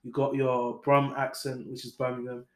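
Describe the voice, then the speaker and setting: A man's voice: medium pitch, little pitch movement, moderate pace, reverberant. A man hosting a podcast, chatting casually and listing things off. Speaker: podcast host. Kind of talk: casual chat.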